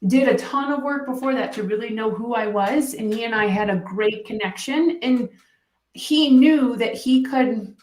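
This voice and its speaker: A woman talking as a coach and interview guest, telling stories in a lively way and acting out quoted dialogue. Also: on the high side, roomy sound, distant mic. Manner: animated storytelling, quick restarts, acts out quoted dialogue. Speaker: mental performance coach, guest. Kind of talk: casual interview conversation.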